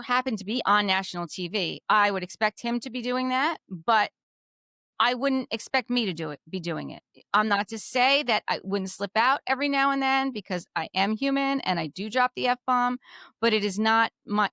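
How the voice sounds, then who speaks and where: A woman's voice: medium pitch, expressive, normal speed, bright, forceful tone, no echo, clean studio sound. A woman from New Jersey with a Jersey accent, co-hosting a podcast and chatting casually about a reality show, opinionated and repeating herself as she thinks. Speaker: podcast co-host.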